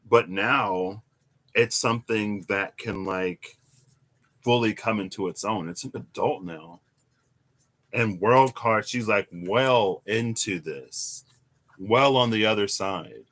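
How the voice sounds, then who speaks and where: A young man giving a casual, musing tarot reading, animated at times with sudden high exclamations. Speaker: tarot reader. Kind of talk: casual reflective monologue.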